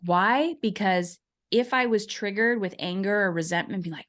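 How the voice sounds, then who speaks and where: A woman in her forties speaks as a podcast guest, telling a personal story in a relaxed conversational way. She is animated and slips into the voices of the people she quotes. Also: medium pitch, moderate pace. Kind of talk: conversational interview.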